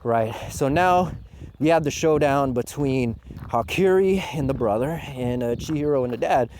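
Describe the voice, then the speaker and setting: A man giving a casual manga review, sarcastic and mocking with rough language. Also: mid-range voice, moderate pace, darkish tone, a little hiss or hum.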